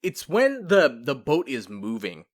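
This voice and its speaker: A man's voice: mid-range voice, wildly swooping pitch, measured pace. A man co-hosting a casual podcast, talking expressively, swearing and complaining with gusto. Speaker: podcast co-host. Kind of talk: casual chat.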